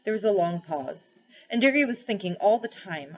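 A woman's voice: mid-range voice, expressive, slightly rough. A woman teacher reading a novel aloud to her class, stopping to set questions. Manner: storytelling read-aloud with pauses for questions. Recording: dull lo-fi recording.

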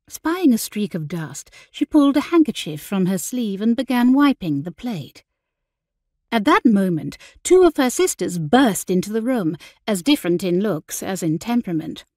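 A woman's voice: mid-range voice, no echo. Woman narrating an audiobook, dry. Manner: measured, expressive storytelling.

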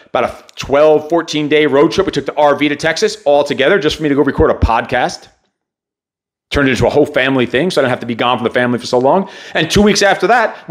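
Man, podcast host, motivational monologue, swearing constantly, blunt and emphatic, voice on the high side. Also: a bit bright. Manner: blunt, heavily profane, emphatic ranting.

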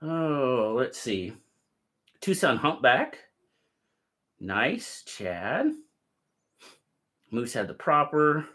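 A man's voice: on the high side, a bit bright. A man hosting a casual live stream, cheerfully greeting viewers by name and chatting about their gear.

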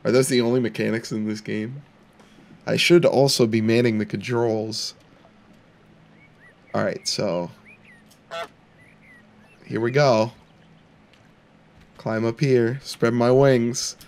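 A man's voice: mid-range voice, steady tone, slow, long pauses, darkish tone, a little hiss or hum. A young man giving playful let's-play commentary, laughing often and mock-taunting the characters in the game. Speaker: gaming channel host.

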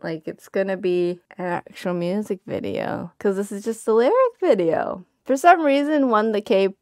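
A woman's voice: medium pitch, expressive, normal speed, darkish tone, no echo, clean studio sound. A woman hosting a music reaction video, talking casually with frequent exclamations and slang.

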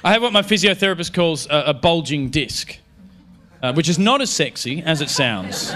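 A man in his thirties doing a stand-up comedy routine on stage, telling an animated, self-mocking story with lots of restarts. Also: on the high side, moderate pace. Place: comedy venue stage before a live audience.

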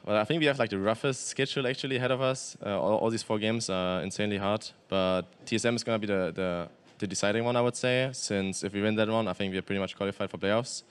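A young man with a German accent, a pro player answering post-game interview questions in quick, matter-of-fact answers with many fillers and restarts. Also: lowish voice, fairly even intonation, smooth.

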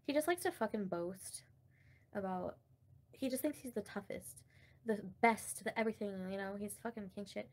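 A woman's voice: mid-range voice, normal speed. A woman hosting a casual livestream and commenting on online drama, blunt and profane, with frequent laughter.

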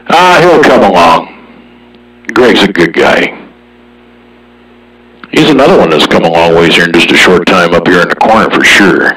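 A man's voice: deep voice, sharp tone, slightly rough. A man chatting casually on the radio as an operator, with laid-back, joking banter. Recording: distant radio transmission.

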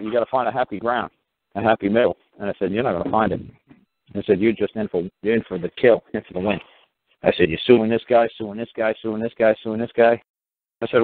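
A blunt middle-aged man with a New York accent, cursing and repeating himself as he lectures a caller. His voice sits on the low side and comes through a tinny phone line. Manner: blunt, profane, emphatic, repetitive. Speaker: talk show host. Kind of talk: animated call-in show advice.

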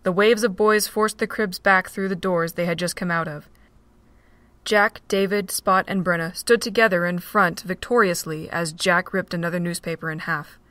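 A woman narrating a fan-made audio drama in a steady storytelling manner. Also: fairly low pitch, normal speed, no echo.

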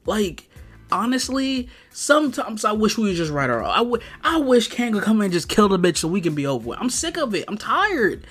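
A man's voice: high voice, sing-song, fast, hardly any pauses, fairly bright tone, faint music behind. A man giving an exasperated, profane rant in a video review, stuffing his talk with "like". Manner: exasperated, profane, heavy use of "like". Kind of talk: ranting review.

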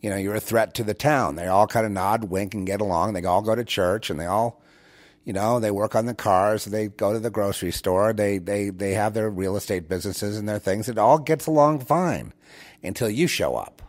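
A man's voice: lowish voice, moderate pace. A man hosting his own show, talking straight to his listeners in a rambling, preachy monologue full of restarts and repeated words. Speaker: show host.

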